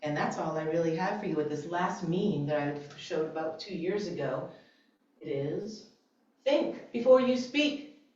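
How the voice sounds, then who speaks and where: A woman giving an animated, conversational inspirational talk to a congregation, laughing often. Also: deep voice, moderate pace. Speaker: guest speaker at a church service. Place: church sanctuary. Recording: very echoey, distant, dull church recording.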